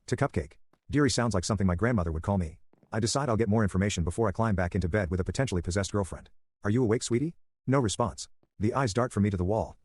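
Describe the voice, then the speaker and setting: A man reads first-person horror stories in a brisk, matter-of-fact way. His voice sits low and moves at a fast clip. The recording is dry and close, with no room sound. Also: a little mellow, dry recording. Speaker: horror story narrator. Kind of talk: scripted narration.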